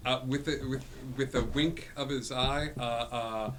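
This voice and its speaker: A man narrating as game master of a tabletop game, in a loose, halting way with many fillers. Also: mid-range voice, steady tone, noisy background.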